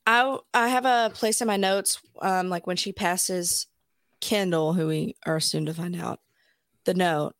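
Profane, animated young woman podcaster. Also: lowish voice, measured pace, no room sound, studio quality. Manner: animated, profane, laughing retelling. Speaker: podcast co-host. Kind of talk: casual chat.

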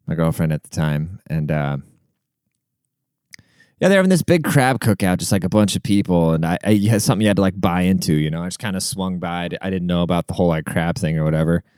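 A man's voice: low-pitched, fast, darkish tone, clean tone, no echo, studio quality. A young man talking casually through a personal story, rambling with lots of filler words and swearing, earnest and emotional.

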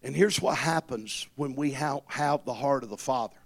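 A man's voice: medium pitch, normal speed, creaky. A man preaching a sermon as pastor, impassioned, calling on the congregation to repeat his words.

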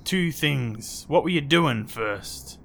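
A man's voice: on the high side, takes it slowly, creaky, slight background noise. A man narrating as game master of a tabletop game, laughing often. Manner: laughs often, lively voices for guards.

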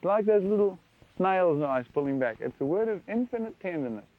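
A man with a high, light voice preaches with wonder, turning often to his listeners with questions. The sound is dry and tinny, like an old phone-line tape. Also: brisk, dry recording. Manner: animated, wondering, leans into questions to the audience. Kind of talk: sermon.

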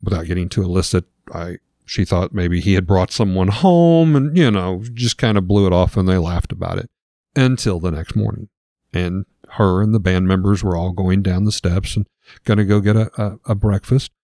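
A man's voice: low-pitched, normal speed, mellow, dry recording, studio quality. A man casually retelling a ghost story as a podcast host, with lots of filler words.

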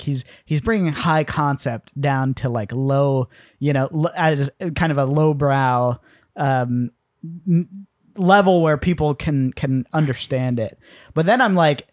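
A man with a slightly raised pitch chats about films on a podcast, quick to laugh and slow to land his points. The sound is close and dry. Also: dry recording. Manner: laughs often, hesitant with fillers. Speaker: podcast co-host. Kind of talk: casual film discussion.

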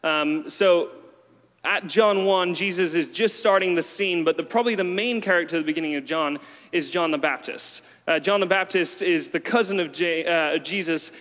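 A man's voice: on the high side, normal speed, a bit bright. A man preaching a casual, conversational sermon with many fillers. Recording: long hall reverb.

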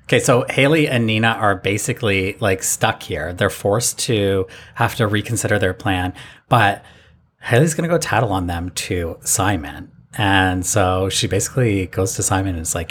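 Husky low-voiced man recapping casually. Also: moderate pace. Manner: lively storytelling, mimics the players. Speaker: podcast co-host recapping a reality show. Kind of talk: casual chat.

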